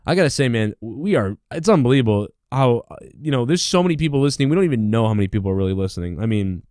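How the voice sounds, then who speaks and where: A man's voice: mid-range voice, expressive, rapid-fire, darkish tone, no echo, clean studio sound. A man hosting his own show, ranting in a rambling, profane comedic monologue. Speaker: show host.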